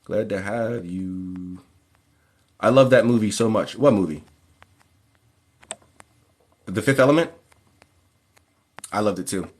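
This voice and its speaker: A man hosting a casual livestream Q&A who reads viewers' questions aloud and answers in a relaxed, plain way. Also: on the low side, slow pace, pauses often. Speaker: occult livestream host.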